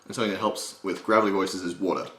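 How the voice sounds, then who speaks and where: A man with a slight gravel in his voice, giving a casual, jokey voice impression tutorial and swearing freely. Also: low-pitched, fairly even intonation, fast talker, fairly bright tone. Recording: roomy echo.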